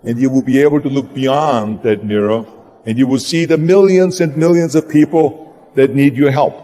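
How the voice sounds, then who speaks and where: A man's voice: medium pitch, normal speed, warm tone. A man with a German accent giving a motivational speech, emphatic and repeating words for punch. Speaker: motivational speaker. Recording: long hall reverb with music behind.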